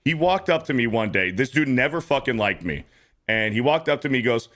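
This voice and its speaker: A man's voice: medium pitch, fairly quick. Guy on a stream telling a story, swears a lot, voice swings up and down, acts out the quotes. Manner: profane, animated storyteller who acts out quotes. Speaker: stream co-host. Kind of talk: casual storytelling chat.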